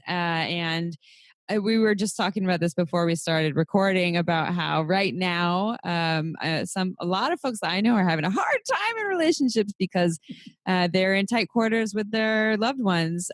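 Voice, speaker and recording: A woman's voice: mid-range voice, no echo. A woman co-hosting a podcast in a casual, chatty way, often trailing off and restarting her sentences. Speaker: podcast co-host.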